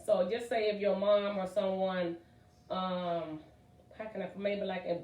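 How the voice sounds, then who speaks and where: A woman hosts a casual talk show, chatty and excitable, leaning on fillers as she goes. Her voice sits at a middle pitch. It sounds roomy and echoey, as if she is some way back from the mic. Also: measured pace, distant mic. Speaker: podcast host.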